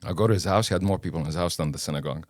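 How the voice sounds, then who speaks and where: Interview guest: a man, lowish voice, dry close sound, animated and chatty storyteller. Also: racing, no echo. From Kuwait. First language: Arabic. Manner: animated, casual storyteller who acts out dialogue.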